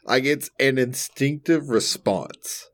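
A woman's voice: extremely low pitch, slow pace. A woman in casual chat, mostly listening and teasing, with short replies and laughs.

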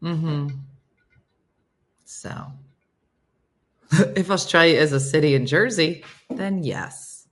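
Chatty low-voiced woman host. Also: takes it slowly, long pauses. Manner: chatty, laughs often, reacts to comments. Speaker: livestream host reading chat. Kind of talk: casual chat.

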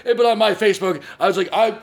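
A man's voice: sits high, very fast, gravelly. A man hosting a casual comedy podcast, telling stories in a rambling way and laughing often. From California. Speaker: podcast host.

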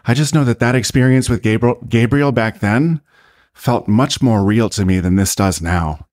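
A man playing a gentle, grieving mother who speaks quietly in a retold story. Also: mid-range voice, normal speed, natural voice. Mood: tender. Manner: soft, quiet speech.

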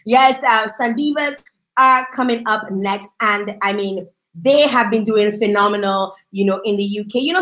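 A woman hosting a live streamed music talk show, chatty and repetitive, giving shout-outs to viewers. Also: on the high side, rough recording.

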